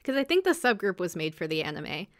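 A woman with a lowish voice and big pitch swings hosts a podcast, chatting casually as she recaps episodes. She keeps dropping into characters' lines in quick asides.

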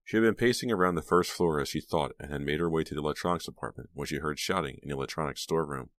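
A man narrating an audiobook in a steady, measured storytelling manner on a close mic. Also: rumbling low, dry recording. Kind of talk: scripted narration.

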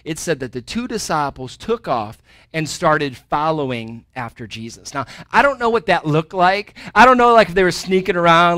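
Bright high-voiced man preaching. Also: animated, normal speed, no room sound. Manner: conversational preaching with playful asides. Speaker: pastor. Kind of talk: sermon. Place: church sanctuary.

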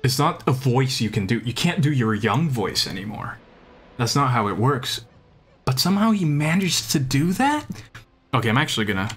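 A man's voice: medium pitch, fairly bright tone. Rambling young male game streamer. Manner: rambling, enthusiastic, many restarts. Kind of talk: casual chat while gaming.

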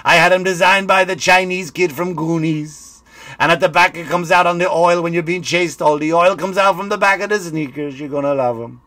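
A bragging older politician, raised in pitch and pushed loud, as a man puts him on, selling sneakers with endless superlatives. It is delivered as a salesman's pitch on a dry, close podcast recording. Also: steady tone, brisk, dry recording. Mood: boastful.

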